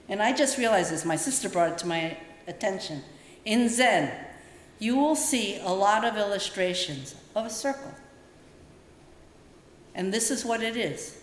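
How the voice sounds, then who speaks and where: A woman's voice: medium pitch, lively intonation, a little slow, long pauses, slight background noise. Older woman telling a story in a temple hall. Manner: storytelling, acts out voices in quotes. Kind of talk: dharma talk with personal stories. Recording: roomy hall echo, faint ambience.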